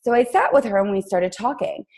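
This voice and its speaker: Animated woman telling a lively story. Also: on the high side, fairly quick. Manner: chatty, addresses listeners directly. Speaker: guest host of a coaching team call. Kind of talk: casual motivational storytelling.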